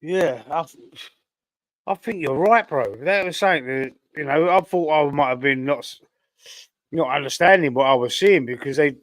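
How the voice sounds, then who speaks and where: A man with a Cockney accent talks loosely on a live fan stream, thinking aloud with plenty of "uh"s and restarts. His voice sits a little on the high side and sounds close and dry, with a nagging cough that leaves him slightly choked. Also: moderate pace, no room sound. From London, England. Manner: rambling and chatty, thinking aloud with frequent fillers. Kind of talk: casual live-stream chat, reading viewer comments.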